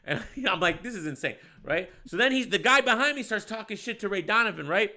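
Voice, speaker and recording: A man's voice: high-pitched, a little fast. A man telling a story in casual chat, acting out the people in it and laughing often. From Michigan, United States. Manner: animated storyteller, acts out voices, laughs often. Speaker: podcast host.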